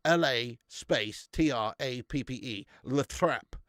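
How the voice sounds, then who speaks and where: A man's voice: mid-range voice, takes it slowly, a bit bright, no echo, clean studio sound. A man, hosting a casual live stream and bantering with viewers in a chatty, matey way, laughing often.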